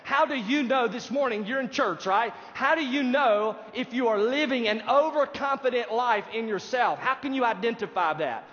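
A man's voice: very high voice, normal speed, few pauses, a bit bright. A man preaching a sermon to his congregation as their pastor, with emphatic delivery that speaks straight to the listeners. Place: church sanctuary. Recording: dull sound in a reverberant hall.

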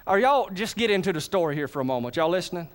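Lively preacher, high voice. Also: male voice, quick pace. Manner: lively, calls on the congregation to answer. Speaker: pastor. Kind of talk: sermon.

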